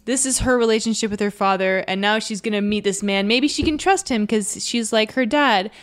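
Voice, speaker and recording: Woman, podcast co-host, laughing, animated retelling, casual. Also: medium pitch, fairly quick. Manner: laughing, retells scenes in quoted voices. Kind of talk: casual comedy chat.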